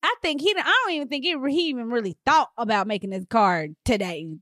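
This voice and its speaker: A woman in her thirties telling a personal story to her viewers in a casual, animated way, with big swings in her voice for emphasis. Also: fast talker, no echo, studio quality. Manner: animated, expressive, swings pitch widely for emphasis.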